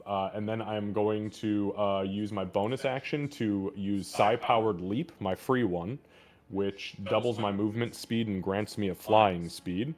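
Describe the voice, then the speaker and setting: A man with a fairly low voice talks through his turn in a tabletop game. He swears freely and gets animated as he describes his character's moves. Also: unhurried. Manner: crude, swears often, animated. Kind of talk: casual tabletop game play.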